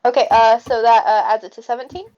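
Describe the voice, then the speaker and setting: A woman's voice: a little high, fairly even intonation, fast, dark tone. Game master woman, dull lo-fi audio. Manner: vivid descriptive narration. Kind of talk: narrating a tabletop game.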